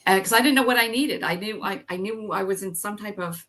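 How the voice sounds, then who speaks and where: A woman's voice: medium pitch, fairly quick, fairly bright tone. A middle-aged woman telling her own story as an interview guest. She talks candidly, says "like" and "you know" often, and acts out her past thoughts.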